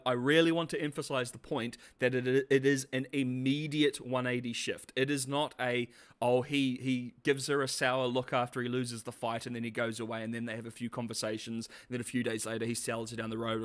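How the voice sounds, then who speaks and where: A man's voice: mid-range voice, level tone, brisk, few pauses. A man giving a casual, sarcastic video review, often laughing, swearing and calling people bro. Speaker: show reviewer.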